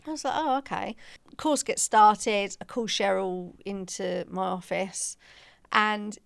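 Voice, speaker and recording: A woman's voice: medium pitch, slow pace, gravelly, clear, resonant tone, dry recording, studio quality. A woman podcast co-host and practice manager, telling a story in casual chat and acting out the quoted dialogue with laughter.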